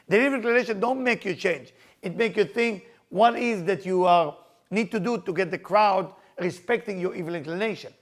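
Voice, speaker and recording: Gravelly high-voiced storytelling teacher. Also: male voice. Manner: animated storyteller, acting out characters' lines, non-native grammar. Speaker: Kabbalah teacher. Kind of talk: storytelling sermon.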